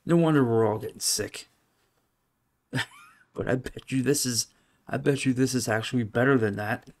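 A man's voice: mid-range voice, normal speed. A man vlogging casual reaction commentary, blunt and swearing, skimming and reading aloud with open disgust. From United States.

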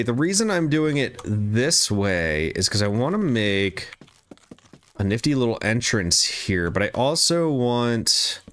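A man's voice: mid-range voice, fairly bright tone. A man streaming a game live, chatting casually, laughing often and greeting viewers.

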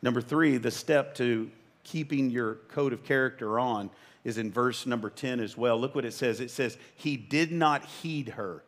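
A fifty-something pastor gives a sermon at normal speed in a mid-range voice. Emphatic and conversational, he makes joking asides, and excitement suddenly pushes his voice upward.

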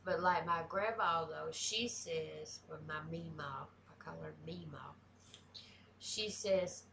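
Southern country gal reacting to a vid, bright voice, slow easy drawl, cusses a lot. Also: female voice, on the low side, gravelly. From American South. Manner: chatty, blunt, swears freely. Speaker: reaction video host. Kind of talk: casual reaction commentary.

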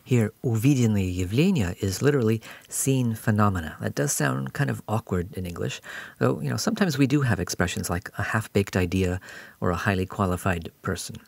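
A man's voice: on the low side, lively intonation, brisk, creaky, dry recording. A man giving a patient, explanatory recorded grammar lesson as a language teacher.

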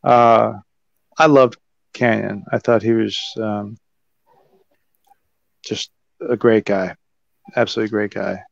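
A man with a gravelly, fry-laden voice tells rambling stories in a loose, casual chat, full of ums and restarts. His voice comes through a dry, muffled livestream connection with no room sound. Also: on the low side, fairly even intonation, takes it slowly, long pauses, dry recording. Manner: rambling, warm storytelling with many fillers. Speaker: wrestling podcast guest. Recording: dull, dry lo-fi stream audio.

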